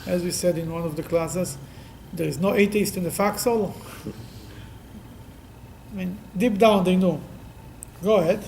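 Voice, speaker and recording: A man teaching a Talmud class as a rabbi, explaining lively and acting out the quotes he discusses, with frequent restarts. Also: high voice, normal speed, gravelly, pauses often, slight background noise, low-quality recording.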